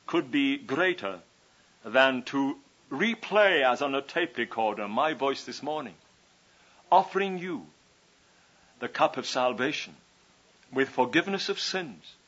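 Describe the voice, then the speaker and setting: High-voiced man preaching on old tape. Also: fairly bright tone. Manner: earnest, pleading evangelistic appeal; repetitive, emphatic phrasing. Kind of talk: sermon. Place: conference hall. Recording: dull lo-fi 1981 conference tape.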